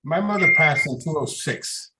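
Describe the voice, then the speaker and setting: A man's voice: fairly high pitch, lively intonation, moderate pace, heavy background noise. A man on the board, speaking bluntly and plainly at a meeting. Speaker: board member. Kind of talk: personal remarks at a meeting.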